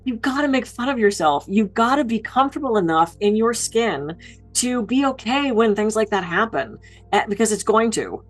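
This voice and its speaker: A woman's voice: fairly high pitch, normal speed, soft background music, poor audio. A woman keynote speaker giving public speaking advice, telling stories about her own mishaps with self-deprecating humor. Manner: lively self-deprecating storytelling.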